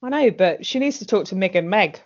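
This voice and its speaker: A woman's voice: mid-range voice, expressive, brisk. Woman, podcast co-host, casual and blunt, muffled lo-fi audio. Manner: blunt, sweary, laughs often, acts out quotes. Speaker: podcast co-host recapping a TV drama. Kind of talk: casual chat. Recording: dull lo-fi audio.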